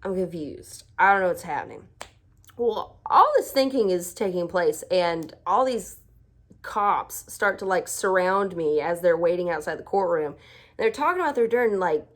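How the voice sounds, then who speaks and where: A woman's voice: fairly low pitch, expressive, moderate pace. A young woman telling a personal story in a chatty, self-deprecating way, acting out the voices of the people in it. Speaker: vlogger. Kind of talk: casual storytelling.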